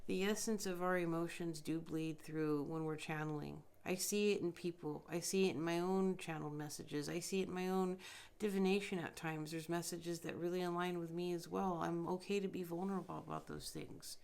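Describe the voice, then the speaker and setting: Blunt, profane woman podcaster, low voice. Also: steady tone, normal speed, vocal fry, darkish tone. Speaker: podcast host. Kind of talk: casual spiritual monologue.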